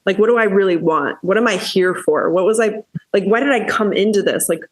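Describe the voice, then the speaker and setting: A woman hosting a podcast in casual chat, candid and quick to swear as she gets heated. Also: mid-range voice. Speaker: podcast host.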